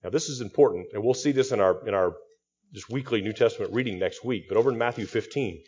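A man's voice: fairly low pitch, quick pace, a little mellow, husky, muffled recording. A male pastor giving an expository sermon, teaching through a text with frequent restarts and repeated words.

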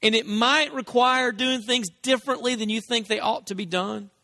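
A man preaching a sermon, telling stories and acting out voices with big pitch swings. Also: normal speed, bright, forceful tone, no room sound.

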